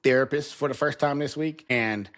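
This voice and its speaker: Solo host, man in his 30s to 40s, mid-pitched, blunt and foul-mouthed, casual venting into a camera at home. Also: moderate pace, a bit bright. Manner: frank, profane venting. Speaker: podcast host. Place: home basement, alone. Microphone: talking to a camera.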